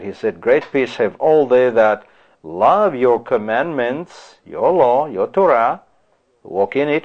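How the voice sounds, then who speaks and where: A man preaching a sermon in a rhetorical style, often breaking off with "you see" and "you know" asides. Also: lowish voice. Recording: dull lo-fi recording.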